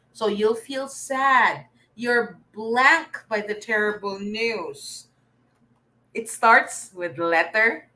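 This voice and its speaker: A woman's voice: fairly high pitch, sharp tone, rough recording. A young Filipino woman teaching an online reading lesson, coaxing and praising her students as she goes. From Philippines.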